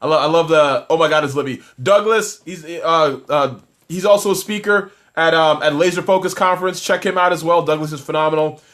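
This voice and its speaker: A man's voice: on the high side, fairly quick, fairly bright tone. A man from Toronto, a business coach doing a live stream, talking energetically and reading out viewer comments, with many restarts. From Toronto, Canada.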